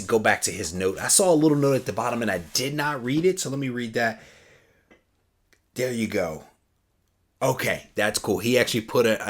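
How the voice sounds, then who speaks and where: A man hosting his own channel, chatting casually as he unboxes and reads fan mail, relaxed with many pauses. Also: medium pitch. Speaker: comic collecting channel host.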